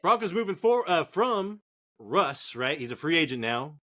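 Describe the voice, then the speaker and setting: Here the co-host sounds very animated, pitched on the high side with a fairly bright tone and a moderate pace. It's casual, profane sports chat as he rambles and jokes on a fantasy football show recorded in a cold Northern California garage.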